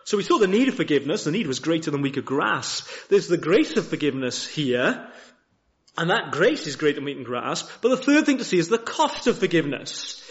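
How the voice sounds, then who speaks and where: A man preaching a sermon in a chapel, with lively rhetorical questions and frequent restarts. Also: a little high, fairly quick, highs cut off. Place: church chapel.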